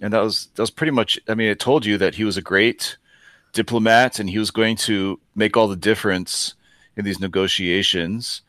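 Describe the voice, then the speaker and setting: Man, lowish voice, podcast game master, thoughtful, dead-dry sound. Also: fairly even intonation, normal speed, fairly bright tone, no room sound. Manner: thoughtful, with many restarts. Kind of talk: casual podcast discussion.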